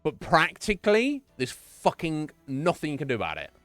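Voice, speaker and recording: Male streamer, animated, loose and profane, close dry sound. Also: a little high, no echo, soft background music. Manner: chatty, profane, quick to laugh. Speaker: Twitch streamer. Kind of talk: casual live-stream chat with viewers.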